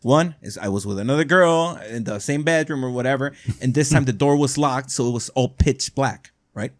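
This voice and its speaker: A man's voice: medium pitch, moderate pace, no room sound. A man hosting a podcast, telling a story in a rambling way and often asking "right?". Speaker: podcast host. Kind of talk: casual storytelling.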